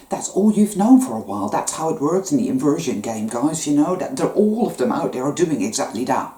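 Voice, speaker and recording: A woman's voice: sits low, very animated, normal speed, mellow. A woman giving an intense, emotional spiritual monologue, gasping at times and swearing now and then. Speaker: spiritual vlogger. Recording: echoey room.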